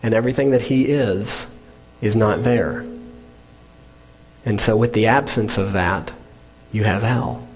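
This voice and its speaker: A man's voice: lowish voice, measured pace, pauses often. A male pastor preaching a sermon in an earnest, conversational way, with casual asides to the congregation. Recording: long reverb of a large hall.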